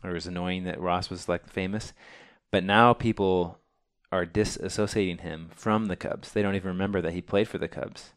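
Man, low voice, smooth and clear, casual podcast host, rambling with fillers. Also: steady tone, a little fast, few pauses. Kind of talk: casual chat.

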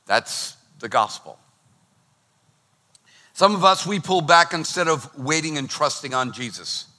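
Bright-voiced energetic preacher, a man. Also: fairly high pitch. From Boston. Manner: energetic, conversational, joking preacher. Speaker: pastor. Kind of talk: sermon.

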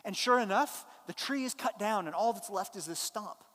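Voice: medium pitch, normal speed, a bit bright. Conversational preacher in a reverberant hall. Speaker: pastor. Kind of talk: sermon.

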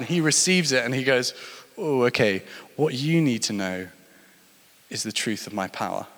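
A man's voice: medium pitch, moderate pace, fairly bright tone. A man preaching a sermon, telling stories and building to emphatic points. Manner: storytelling, rising and falling with emphasis. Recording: long hall reverb.

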